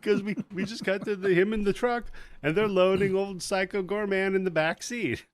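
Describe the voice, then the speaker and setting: A man hosting a podcast, recapping a movie in casual chat with animated, profane storytelling. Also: high-pitched, moderate pace, no echo. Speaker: podcast host.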